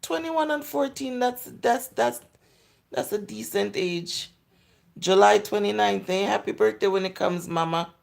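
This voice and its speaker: Very gravelly Jamaican woman in her forties. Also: medium pitch, measured pace. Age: 40s. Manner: chatty and candid, slipping into patois. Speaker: livestream host. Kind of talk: casual live chat answering viewer comments.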